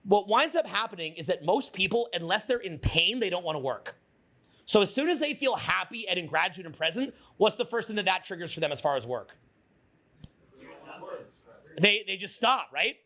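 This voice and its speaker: A man coaching a live audience in a motivational seminar, energetic, swearing freely and getting the crowd to repeat his words. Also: high-pitched, normal speed. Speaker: social skills coach.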